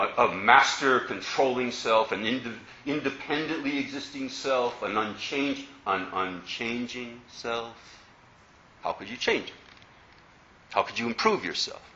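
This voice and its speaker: A man's voice: mid-range voice, sharp tone, slight background noise. A man teaching as a Buddhist teacher, giving a playful dharma talk to an audience and asking many rhetorical questions. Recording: roomy, slightly dull recording.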